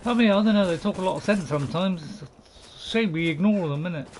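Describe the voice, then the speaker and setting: High-voiced chatty man gaming. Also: fast talker, slight background noise. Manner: chatty and jokey, bantering with game characters. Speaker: gaming channel host. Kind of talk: casual let's-play commentary.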